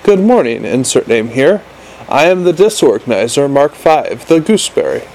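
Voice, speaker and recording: A man voicing a small male imp living in a pocket gadget, talking fast and pleading eagerly. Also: mid-range voice, big pitch swings, a little mellow, slight background noise, low-quality recording.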